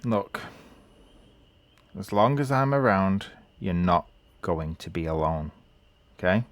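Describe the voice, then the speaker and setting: Deep-voiced, unhurried gamer. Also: male voice, lively intonation, no echo. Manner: gentle, reassuring, rambling. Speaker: let's play gamer. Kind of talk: casual commentary, talking back to the game.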